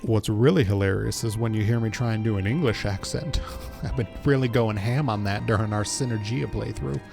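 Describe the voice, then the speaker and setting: A man's voice: lowish voice, fairly quick, vocal fry, music in the background. A man casually commenting and joking while playing a game, with self-deprecating asides. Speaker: streamer.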